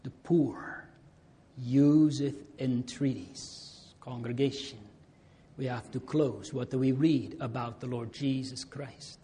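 A man preaching a sermon to his congregation, swinging between loud appeals and hushed near-whispers. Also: mid-range voice, steady tone, slow pace.

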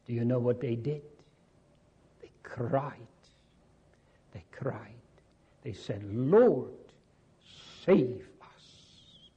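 Slow husky preacher, man. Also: mid-range voice, warm tone. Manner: slow, earnest preaching with repeated phrases. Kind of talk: sermon.

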